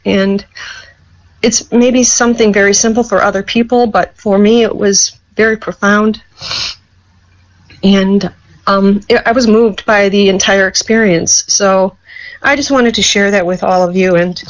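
A woman speaks sincerely and hesitantly, pausing often as she shares something personal with a group. Her pitch sits in the middle range. The sound is dull and lo-fi, like call audio. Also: fairly even intonation. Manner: hesitant, many fillers, sincere. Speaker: participant sharing a testimony. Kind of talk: heartfelt group sharing.

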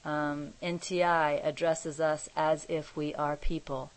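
A woman leading an online spiritual group, who talks in a measured, thoughtful way and pauses to search for her words. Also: sits low, little pitch movement, poor audio. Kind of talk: reflective spiritual teaching.

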